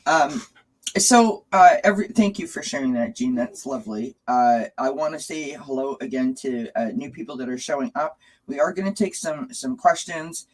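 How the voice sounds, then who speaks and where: A live stream host with a middle-pitched voice who thanks the guest and welcomes new viewers. The tone is friendly and encouraging, with a few ums along the way. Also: animated, normal speed, low-quality recording. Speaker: show host.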